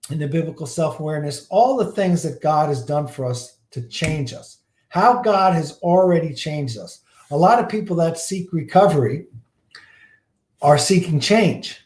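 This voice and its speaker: Folksy pastor in an echoey room. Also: male voice, fairly high pitch, darkish tone. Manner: folksy storyteller, repeats words, many fillers. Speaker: pastor and teacher. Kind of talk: teaching a church class.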